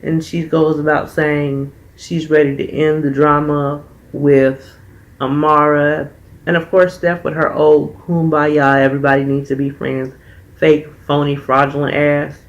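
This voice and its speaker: Male recapper, fairly high voice, swears freely and calls out cast members. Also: little pitch movement, measured pace, lo-fi sound. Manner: blunt, profane, heated. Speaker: TV show reviewer. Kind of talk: casual opinionated recap.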